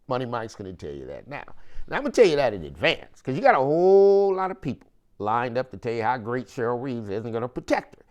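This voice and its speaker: Animated, ranting male sports podcaster. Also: mid-range voice. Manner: emphatic, animated rants with rhetorical questions; slangy, repeats phrases for emphasis. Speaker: podcast host. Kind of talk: opinionated sports commentary monologue.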